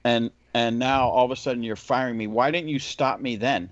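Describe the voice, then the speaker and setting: Podcast host, male, spins animated work anecdotes, dry, dull lo-fi sound. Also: mid-range voice, fairly quick, no room sound. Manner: animated storyteller acting out dialogue. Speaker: window cleaner, podcast host. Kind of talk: casual storytelling chat. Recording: dull lo-fi audio.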